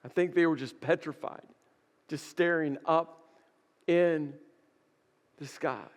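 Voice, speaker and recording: A man's voice: a little high, slow pace, long reverb tail. A man preaching a sermon as pastor, emphatic and repeating key words for weight. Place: church sanctuary.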